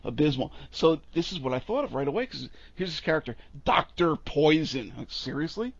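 A man's voice: fairly high pitch, very animated, fast talker, creaky, dry recording. A man co-hosting a podcast, ranting bluntly and sarcastically and swearing freely. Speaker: podcast co-host. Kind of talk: casual opinionated chat. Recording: dull lo-fi audio.

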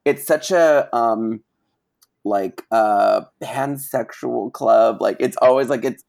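A man co-hosting a podcast in casual chat, rambling with lots of fillers and animated asides. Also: mid-range voice, takes it slowly, gravelly. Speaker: podcast co-host.

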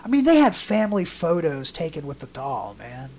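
A man's voice: fairly high pitch, sing-song, normal speed, a little mellow. Man, podcast co-host, rambling storyteller, casual chat. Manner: rambling storyteller, acts out quotes in mock voices.

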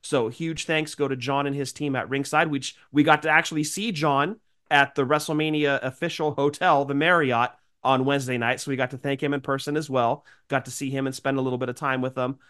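A man's voice: medium pitch, steady tone, fairly quick, fairly bright tone, smooth. A man co-hosting a podcast, sick with a cold and sounding nasal, chatting in a rambling, grateful way. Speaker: podcast co-host. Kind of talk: casual chat.

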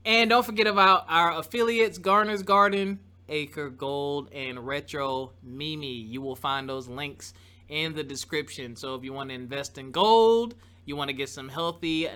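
An upbeat man hosts a casual podcast, his voice set a little high and ringing bright. He chats loosely and cheerfully with his guest and listeners. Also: moderate pace. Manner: lively, upbeat, chatty with laughs. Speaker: podcast host.

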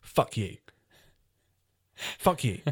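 A man's voice: drawn-out words, dry recording, clean studio sound. A man ranting and swearing freely while reviewing a film on a casual podcast. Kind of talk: casual chat.

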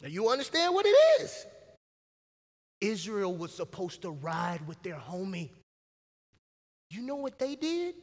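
High-voiced preaching pastor, hall echo. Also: male voice, measured pace, pauses often. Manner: lively preaching with slang and acted-out quotes. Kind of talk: sermon. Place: church sanctuary. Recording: church hall reverb.

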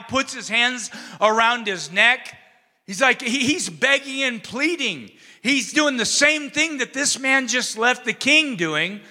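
A man preaching a sermon in a conversational, animated storytelling way, acting out the characters' lines. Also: extremely high pitch, measured pace, in a large hall. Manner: conversational, asks the audience "you know what I'm saying".

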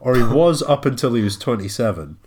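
A man's voice: mid-range voice, very animated, a little fast, darkish tone, husky. A man, co-hosting a podcast in casual chat, joking and laughing often with rambling asides. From United Kingdom. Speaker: podcast co-host.

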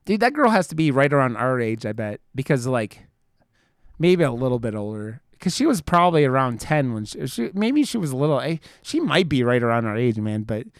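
A man's voice: medium pitch, big pitch swings, a little fast, smooth, no echo, clean studio sound. A man in his thirties chatting casually, rambling with lots of fillers and frequent swearing. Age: 30s. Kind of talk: casual chat.

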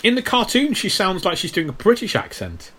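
A man's voice: high-pitched, huge pitch swings, a little fast, bright, forceful tone, slightly rough. A man co-hosting a casual film podcast, explaining at length and stammering over his restarts. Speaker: podcast co-host.

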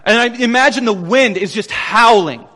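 Pastor, male, high voice, lively storyteller who acts out quotes, long reverb of a large hall. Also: moderate pace. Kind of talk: sermon.

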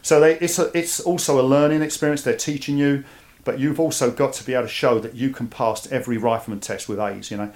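Talking fast in a mid-range voice, this Cockney-accented East Londoner shares his experiences as an army veteran in a relaxed interview. He's lively as a guest, frequently repeating words at the start of a thought.

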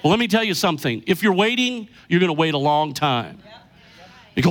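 A middle-aged pastor preaching a sermon with emphasis, slowing down to stress key lines. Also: male voice, on the high side, a bit bright.

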